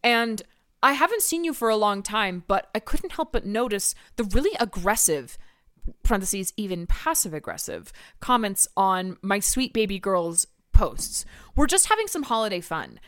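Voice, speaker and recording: A woman's voice: medium pitch, very animated, moderate pace, fairly bright tone, smooth, no echo, studio quality. A woman playing a self-righteous husband who defends his wife, talking in an indignant, preachy way, in comedy improv. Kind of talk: comedy improv of social media comments.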